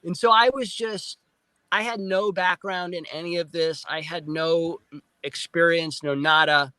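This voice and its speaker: Excitable guy telling a wild story, high bright voice, dry sound. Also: a little slow, clean tone, dry recording. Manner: excitable, acts out sounds and quotes. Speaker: guest. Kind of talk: animated storytelling.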